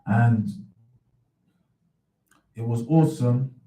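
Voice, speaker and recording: A man's voice: mid-range voice, drawn-out words, mellow, roomy sound, far from the mic, poor audio. A man hosting a radio show in a casual, rambling way, full of slang and repeated words. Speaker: radio host.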